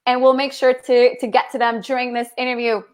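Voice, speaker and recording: A woman's voice: on the high side, little pitch movement, brisk, a little mellow. A woman hosting a live online interview, upbeat and greeting viewers by name. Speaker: interview host.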